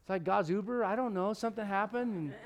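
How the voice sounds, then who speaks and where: A man's voice: sits high, fast. A man in his forties preaching a sermon, acting out Bible characters with humor. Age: 40s. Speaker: pastor.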